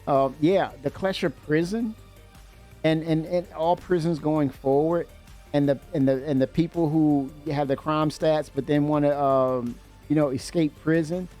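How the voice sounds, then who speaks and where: A man hosting a livestream in casual chat, excitable and rambling, laughing often and filling pauses with "uh". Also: a little high, soft background music. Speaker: livestream host.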